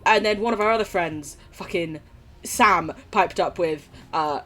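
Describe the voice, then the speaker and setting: A woman's voice: fairly low pitch, a little slow, a bit bright. A young woman streaming a game, chatting casually and rambling, swearing freely with sudden squeals. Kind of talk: casual chat while gaming on stream.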